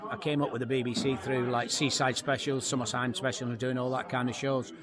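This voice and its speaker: A man's voice: medium pitch, brisk. A man, a comedian telling stories in an interview, acting out voices and laughing often. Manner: lively storyteller, acts out voices, laughs often. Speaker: comedian guest. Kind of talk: anecdotal interview chat. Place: outdoor launch event. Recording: busy crowd behind. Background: crowd chatter.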